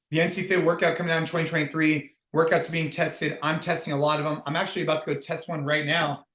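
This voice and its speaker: A man's voice: on the high side, a bit bright. A man hosting a casual podcast chat as a fitness business founder, upbeat and reflective, talking in loose restarts. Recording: roomy echo.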